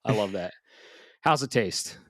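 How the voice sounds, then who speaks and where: A man hosting a casual video game podcast, a little out of breath, talking in an animated, swearing, self-mocking way. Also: on the low side, a little slow, no room sound, studio quality. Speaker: podcast host. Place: home office upstairs.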